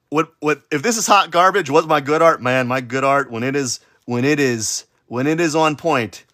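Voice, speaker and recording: A man's voice: mid-range voice, moderate pace, hardly any pauses, bright, forceful tone, no room sound, studio quality. A man chatting casually on a livestream while drawing, rambling, stuttering and putting himself down. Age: adult. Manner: rambling, self-deprecating, stuttering. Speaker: streaming artist.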